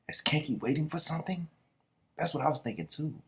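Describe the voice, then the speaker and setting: A man's voice: mid-range voice, very animated, fast, husky. A man casually reading a manga chapter aloud and reacting, with a slangy manner and small character voices. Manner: slangy, reads the characters' lines out loud in voices.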